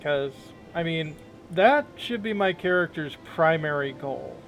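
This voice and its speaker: A man's voice: fairly high pitch, animated, measured pace, gravelly, a bit bright, faint music behind. A man casually commenting while he plays a role-playing game, musing and reading his dialogue choices aloud. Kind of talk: casual let's-play commentary. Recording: noisy hiss behind voice.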